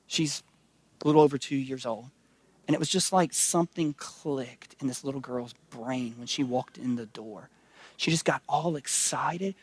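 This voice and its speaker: A man preaching a sermon with a fairly high voice, in a conversational way that swells into emphatic calls and falls to near-whispers. The sound is dry and close, with no room echo. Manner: conversational preaching, rising to emphatic calls and dropping to hushed asides. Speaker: pastor.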